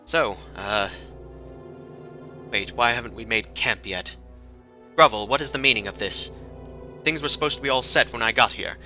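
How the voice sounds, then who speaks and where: A man's voice: medium pitch, normal speed, pauses often, sharp tone, faint music behind. A man voicing a haughty male elf wizard who is arrogant, scornful and pompous. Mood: indignant.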